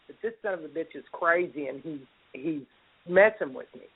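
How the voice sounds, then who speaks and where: A woman's voice: deep voice, expressive, moderate pace. A woman tells a story in a blunt, profane, heated way. She sounds like she is calling in, with a thin, phone-line quality to the sound. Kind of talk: casual storytelling on a podcast call.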